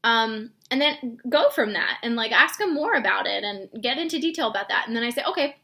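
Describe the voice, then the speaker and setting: A woman coaching other fitness coaches in a loose, chatty way, with lots of fillers and little acted-out messages. Her voice sits a bit high and sounds very bright. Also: expressive, a little fast. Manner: chatty, filler-heavy, acts out sample messages in a bright upbeat voice. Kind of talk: casual instructional talk.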